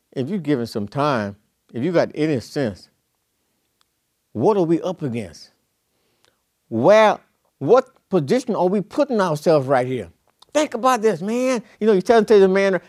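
A man's voice: on the high side, a little mellow, no room sound, clean studio sound. A middle-aged man preaching a sermon, folksy and conversational, then rising to emphatic peaks.

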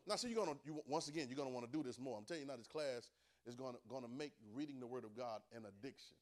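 A man's voice: mid-range voice, rapid-fire. A man preaching a Bible class sermon, emphatic, repeating phrases and calling on listeners to answer back.

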